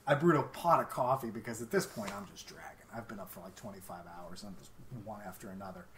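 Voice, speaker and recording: A man from the Pittsburgh area, casually telling a long story on a podcast, animated and swearing freely. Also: lowish voice, quick pace, recorded from a distance, background noise. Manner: animated, swears freely, acts out quotes in raised voices.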